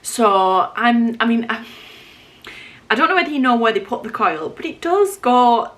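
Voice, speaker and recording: A young Englishwoman vlogs to camera from home in the middle of moving house, her voice a little high for a woman with a fairly bright tone. She chats in a confiding, rambling way, full of fillers and quick self-corrections.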